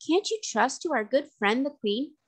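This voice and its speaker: A woman voicing a brave, curious little girl who asks eager questions in a high voice. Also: big pitch swings, moderate pace.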